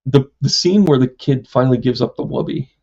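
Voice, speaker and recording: A man's voice: mid-range voice, brisk, creaky, darkish tone, highs cut off. A man, a psychic medium, chatting casually on a live stream, rambling through a story with lots of fillers and self-mocking jokes.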